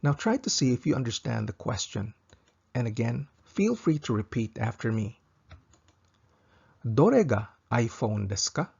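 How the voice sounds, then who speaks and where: A man teaching a recorded language lesson, speaking slowly and carefully and repeating each example sentence twice for practice. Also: medium pitch, very animated, vocal fry, a little mellow, slightly rough, highs cut off.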